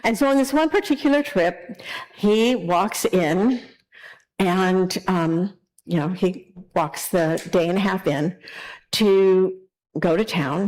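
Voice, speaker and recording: A woman minister giving a sermon in a conversational, animated storytelling way. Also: on the low side, rough recording.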